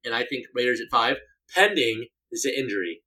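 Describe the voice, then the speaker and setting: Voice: mid-range voice, expressive, moderate pace, sharp tone, low-quality recording. A podcast co-host in casual sports chat, rambling and joking, with lots of fillers and restarts.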